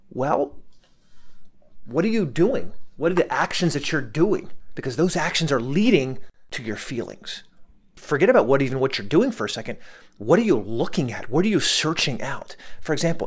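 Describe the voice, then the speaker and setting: A man giving an earnest motivational talk, often repeating words and restarting his sentences. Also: medium pitch. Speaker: motivational speaker.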